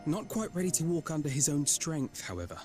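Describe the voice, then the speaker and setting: Game ally: a dutiful companion with a lively, higher voice. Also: male voice, fairly quick, music in the background. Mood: steady. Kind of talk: video game voice acting.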